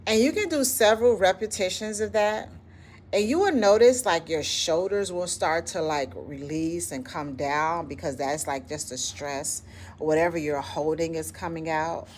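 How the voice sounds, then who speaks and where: A woman with a lowish voice and a Southern US accent speaks at a moderate pace, with slight background noise. The founder of an educators' wellness club, she talks casually and encouragingly about self-care while guiding a breathing exercise, often dropping in "listen" and "like."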